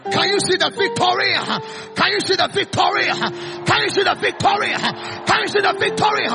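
A man preaching a call-and-response sermon at a church service, shouting exhortations and repeating phrases for the congregation to echo. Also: very high voice, normal speed, vocal fry, faint music behind.

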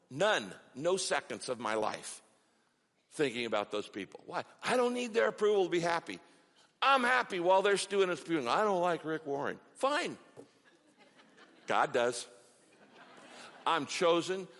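Male preacher, middle-aged, bright forceful tone, emphatic repeated phrases. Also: fairly high pitch. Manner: emphatic, repetitive preaching cadence. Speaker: pastor. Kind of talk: sermon. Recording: long reverb of a large hall.

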